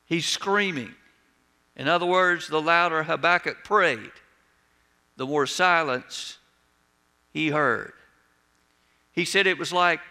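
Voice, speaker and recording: Man preaching, slow emphatic sermon, gravelly bright voice, long hall reverb. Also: fairly high pitch. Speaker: pastor.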